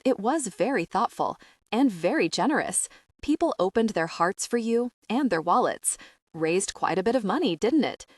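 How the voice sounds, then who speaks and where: A woman's voice: medium pitch, lively intonation, moderate pace, no echo, clean studio sound, lightly acted. A woman reading an audiobook, voicing a smug, sadistic middle-aged man who drawls in a mocking, falsely friendly way.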